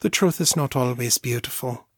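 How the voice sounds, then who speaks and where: A man voicing a loving mother who speaks in a soft, lilting, soothing way, a little higher than his own voice. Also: normal speed, no echo, studio quality, natural voice. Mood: tender. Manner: tender, soothing. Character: gentle loving mother, warm and comforting.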